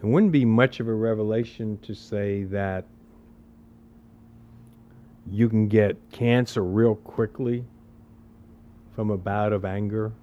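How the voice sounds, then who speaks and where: A man's voice: fairly low pitch, fairly even intonation, slow pace, pauses often, dull audio, a little hiss or hum. A man giving a spiritual talk in a conversational, emphatic way, repeating phrases and asking rhetorical questions. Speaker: spiritual teacher.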